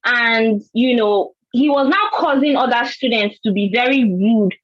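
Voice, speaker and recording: A woman's voice: fairly high pitch, a little slow, dry recording, dull audio. A woman from Nigeria with a Nigerian accent, telling an earnest personal story on a panel and often repeating words. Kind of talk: panel discussion.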